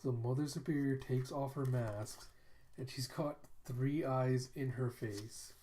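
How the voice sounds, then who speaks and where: Chill guy reading a comic out loud, swears a lot, slow and mellow. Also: mid-range voice, fairly even intonation, slight background noise. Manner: laid-back, swears and laughs at the story. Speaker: comic book reader and video host. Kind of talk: casual comic readthrough.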